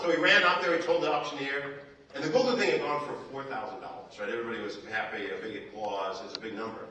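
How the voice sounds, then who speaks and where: Fast, animated man in an echoey hall. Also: mid-range voice, lo-fi sound, a little hiss or hum. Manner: animated storyteller, acts out quotes. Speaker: keynote speaker. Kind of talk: conference keynote storytelling. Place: large conference hall. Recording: echoey hall, mic from a distance.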